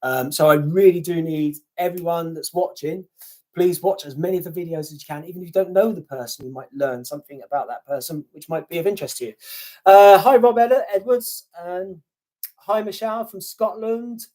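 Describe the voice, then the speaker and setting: A man's voice: sits high, brisk, a little mellow. A British man hosting a casual live stream from home, reading out viewer comments in a chatty, self-deprecating way with casual swearing. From United Kingdom. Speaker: YouTube grave-visiting channel host.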